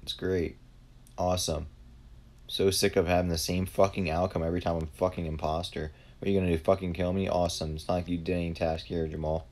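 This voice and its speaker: A young gaming video host talks casually over his gameplay, swearing heavily and often flaring into shouted frustration. His low-pitched voice has a flat delivery and runs a little fast.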